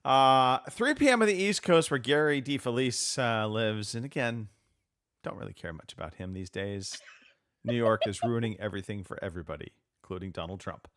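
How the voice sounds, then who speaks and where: A man's voice: medium pitch, animated, normal speed, fairly bright tone. A man hosting a casual live podcast, joking around and drifting off on tangents. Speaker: podcast host. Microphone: remote call setup.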